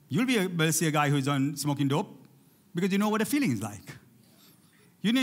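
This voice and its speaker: A man preaching a lively sermon in church, calling out to his congregation and urging them to respond. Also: fairly high pitch. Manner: animated, rallies the congregation with call-outs. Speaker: pastor.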